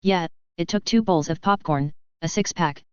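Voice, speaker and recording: A woman's voice: fairly low pitch, moderate pace, clean tone, no echo, highs cut off, natural voice. A woman reading a foul-mouthed male ambassador. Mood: blunt. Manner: blunt, swearing.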